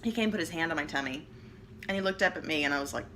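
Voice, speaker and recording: A woman vlogger rambling candidly at home about family life, chatty and self-deprecating with quick jokes, recorded on a hand-held phone. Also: low voice, pushed and bright, a little hiss or hum. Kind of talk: casual personal rambling vlog. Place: at home, seated. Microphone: phone camera held in hand.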